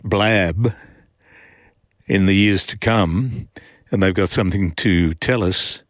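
A talkback host reads listener messages and muses in a wry, unhurried manner. His voice is fairly low. The studio sound is dry and close. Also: no echo. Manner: wry, unhurried, hesitant with fillers. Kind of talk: late-night talkback, reading listener texts. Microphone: studio microphone.

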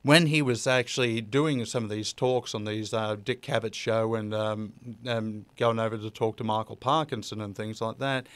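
A man's voice: fairly low pitch, steady tone, moderate pace, few pauses, clean tone, dry recording. A man hosting a casual, unscripted monologue, chatty and easygoing, with fillers and restarts along the way.

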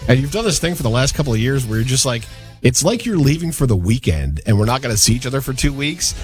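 A man's voice: medium pitch, very animated, fast talker, soft background music. A man co-hosting a radio show, teasing his partner in a playful way and laughing easily. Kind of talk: casual on-air banter.

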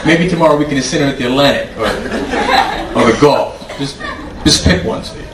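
A man's voice: mid-range voice, brisk. A male comedian doing stand-up as a profane, incredulous rant. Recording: echoey, distant, loud background noise.

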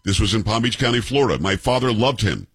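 Combative husky male commentator. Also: fairly low pitch, very animated, fast talker, no echo. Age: 50s. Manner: combative, sarcastic, rhetorical questions. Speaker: commentary show host. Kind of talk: opinionated commentary on clips.

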